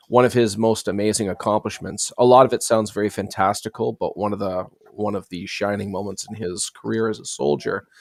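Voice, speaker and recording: A man with a fairly low voice talks as a guest in a casual interview. He speaks earnestly and reflectively, pausing often to find his words. His voice sounds close and dry, with almost no room around it. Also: no room sound. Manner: earnest, reflective storytelling with frequent hesitations. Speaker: guest, fantasy series creator.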